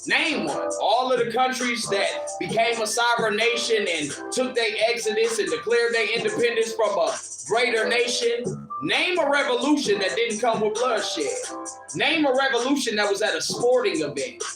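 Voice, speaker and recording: High-voiced guy going off on a live stream, preachy and cussing, echoey room w/ beat playing. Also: animated, moderate pace, music in the background. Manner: fiery, preachy, profane and confrontational. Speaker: livestream commentator. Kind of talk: impassioned live rant. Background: instrumental beat playing.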